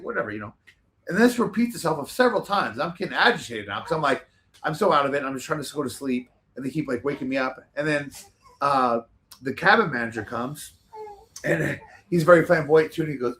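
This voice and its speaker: Male podcast guest, quick animated storyteller, slightly high voice. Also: slight background noise. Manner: animated, rambling, swears freely. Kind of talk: casual storytelling.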